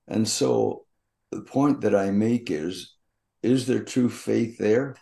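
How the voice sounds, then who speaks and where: An older man teaching from the Bible at an unhurried pace, his voice low and gravelly with a dark, mellow tone. He reads the verses aloud in a measured, deliberate way.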